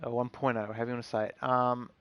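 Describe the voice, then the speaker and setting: A man's voice: medium pitch, level tone, very fast, smooth, lo-fi sound. A man hosting a casual gaming vlog, ranting in a rambling, aggrieved way with lots of ums and restarts. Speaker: gaming channel host.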